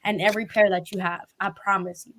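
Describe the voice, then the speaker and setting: A woman's voice: mid-range voice, flat delivery, fast talker, a bit bright, slight background noise. A woman interviewing a guest in loose, casual chat. She rambles, fills gaps with "like" and "blah, blah," and laughs often. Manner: chatty, laughing, rambling with fillers.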